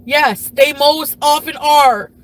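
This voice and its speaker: A woman voicing a jilted, furious female streamer who is crude and self-pitying, for a puppet comedy. She swears constantly and swings between yelling and mumbling. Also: high-pitched, steady tone, takes it slowly. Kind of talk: comedic impression of a livestream rant.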